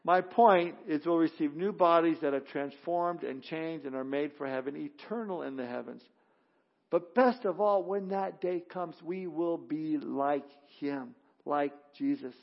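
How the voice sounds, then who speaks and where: A man's voice: on the high side, measured pace, gravelly, lo-fi sound. A male pastor preaching a sermon, building emphasis and often restarting his phrases.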